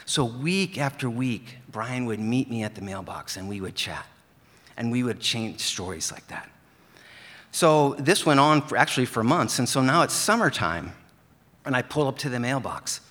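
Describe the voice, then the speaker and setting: A man telling a heartfelt personal story at a live event, earnest and gentle. His voice is bright and lively in pitch. A long hall reverb rings around him. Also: moderate pace.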